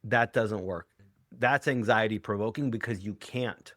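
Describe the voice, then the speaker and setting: A man's voice: lowish voice, unhurried, fairly bright tone, dry recording, studio quality. A middle-aged man, a hypnotherapist and author, speaking earnestly and reflectively as an interview guest. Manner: earnest, reflective, acts out quoted lines. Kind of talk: conversational interview.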